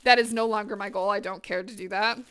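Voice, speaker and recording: A woman's voice: medium pitch, fast talker, smooth. A woman chatting energetically with her viewers while cooking on a live stream in her home kitchen, swearing freely as she talks. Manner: energetic, chatty and profane, talking to chat.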